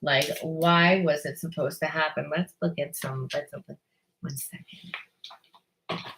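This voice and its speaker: A woman's voice: deep voice, steady tone, takes it slowly, fairly bright tone, a little hiss or hum. A woman giving a spiritual card reading, rambling and blunt, often repeating herself and swearing casually. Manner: rambling, repeats words and restarts. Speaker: psychic reader.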